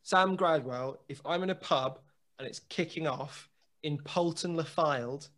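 A man, a guest telling a lively anecdote in casual chat, full of restarts and acted dialogue. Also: a little high, unhurried. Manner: lively storyteller, many restarts and quoted dialogue.

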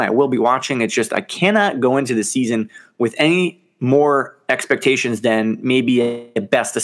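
A man co-hosting a sports podcast in casual, animated chat, laughing often and swearing now and then. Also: mid-range voice. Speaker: podcast co-host.

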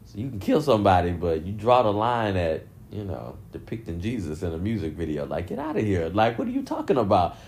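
A man with a somewhat low voice riffing in casual commentary. He laughs often, swears freely and swings his voice up in animated bursts. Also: brisk, few pauses. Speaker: commentary vlogger.

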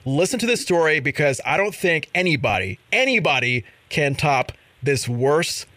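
A man's voice: a little high, very animated, normal speed, bright, forceful tone, dry recording. A man hosting a casual talk show, rambling with false starts and laughing easily. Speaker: show host.

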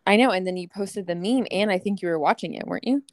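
A woman's voice: medium pitch, fast talker, no room sound, clean studio sound. A woman co-hosting a casual chat, bubbly and self-deprecating, laughing often as she tells stories. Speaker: podcast co-host. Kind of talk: casual chat, telling anecdotes.

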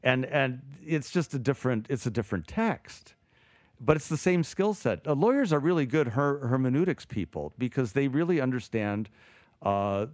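A man co-hosting a casual theology talk show, animated and thinking aloud with frequent restarts. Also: medium pitch, no echo. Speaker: podcast co-host, theologian.

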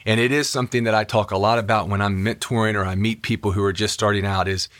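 A man's voice: on the low side, fast talker, no echo, clean studio sound. Upbeat man telling a story in conversation. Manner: enthusiastic, animated storyteller. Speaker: podcast co-host and actor. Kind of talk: casual chat with storytelling.

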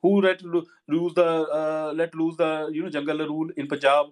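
A man's voice: a little high, level tone, normal speed. Fervent man hosting a debate. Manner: fires rhetorical questions and answers them himself; repeats and restarts words often. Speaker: host of an online audio discussion. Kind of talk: argumentative explanatory talk. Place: online voice chat room.

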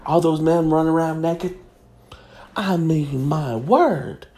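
Comedic host: woman, drawl, sassy mock-prim delivery, slow and mellow, faint background noise. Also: deep voice. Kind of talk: comedic gossip monologue.

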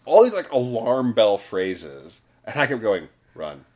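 A man co-hosting a casual podcast chat, adding wry comments and quick asides. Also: medium pitch, big pitch swings, darkish tone. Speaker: podcast co-host.

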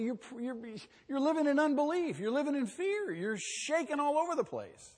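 A pastor preaching a sermon, emphatic, asking rhetorical questions and swinging between quiet and loud. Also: male voice, very high voice, sing-song, normal speed, few pauses, big-room sound.

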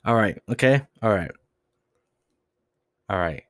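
A young man rants on his own podcast, swearing constantly and rambling from one grievance to the next. His voice sits fairly low and the sound is dry and close, with no room around it. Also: expressive, slow pace, dry recording. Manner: profane, agitated, rambling with frequent "dude". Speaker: podcast host. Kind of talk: solo rant.

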